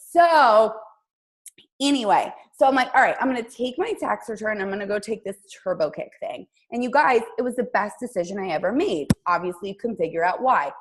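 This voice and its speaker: Animated woman telling a lively story. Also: medium pitch. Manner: chatty, addresses listeners directly. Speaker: guest host of a coaching team call. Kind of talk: casual motivational storytelling.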